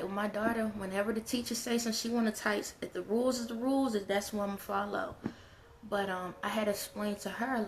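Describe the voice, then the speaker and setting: A middle-aged mother who vlogs gives casual advice straight to camera, talking in a candid, earnest, down-to-earth way. Her voice is mid-range, and the recording carries a slight hiss or hum.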